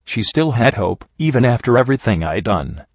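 A man's voice: medium pitch, very animated, brisk, no room sound, lo-fi sound. A man reading a first-person story aloud in a brooding, introspective manner. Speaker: audiobook narrator.

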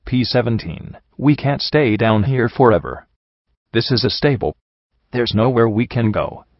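A man reading a storybook, voicing a grieving young male pony who pleads in a soft, rushed way. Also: mid-range voice, no room sound, lightly acted. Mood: desperate. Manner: soft, rushed, sobbing pleas. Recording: dull dry recording.

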